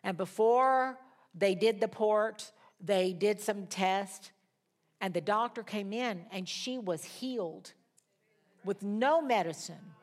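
Older woman telling stories in a lively sermon. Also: mid-range voice, slow pace. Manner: animated storyteller who acts out quoted voices; laughs while telling stories. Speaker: Bible study teacher. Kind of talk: sermon-style teaching with storytelling.

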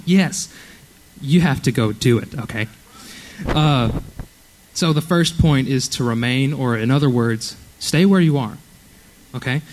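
A man's voice: a little high, a little mellow, poor audio. Earnest young man preaching a youth sermon. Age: young adult. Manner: earnest, conversational, frequent "okay?" check-ins. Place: church youth service.

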